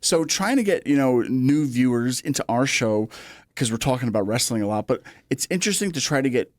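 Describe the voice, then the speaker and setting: A man's voice: mid-range voice, lively intonation, fairly quick, a little mellow, no echo. A man co-hosting a wrestling podcast in casual chat, rambling and repeating himself as he talks. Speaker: podcast co-host.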